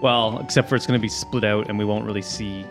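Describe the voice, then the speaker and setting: A man's voice: lowish voice, steady tone, fast talker, a bit bright, faint music behind. A man chatting and joking at a tabletop game podcast table. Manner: joking, teasing. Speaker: player. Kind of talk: casual table chat.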